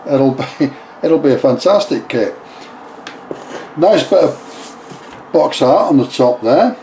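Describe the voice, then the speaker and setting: A man with a mellow, warm voice talks casually through an unboxing. He stops and restarts his sentences and reads out box details in an easy way. Faint noise hums behind him in an indoor room. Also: mid-range voice, rough recording. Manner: chatty, self-correcting, slow reading of box text. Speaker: scale model hobbyist. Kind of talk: casual unboxing video narration.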